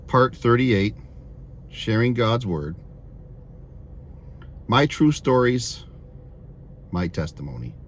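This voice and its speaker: A man's voice: mid-range voice, expressive, takes it slowly, long pauses, a little hiss or hum. A man in his fifties earnestly telling personal faith testimonies in a rambling way, repeating himself and using many fillers. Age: 50s. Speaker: vlogger sharing testimonies.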